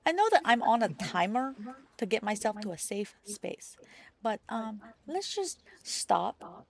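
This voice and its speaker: A young adult woman streaming a game, excitable and swearing freely as she chats. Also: medium pitch, normal speed. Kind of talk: casual gameplay chat.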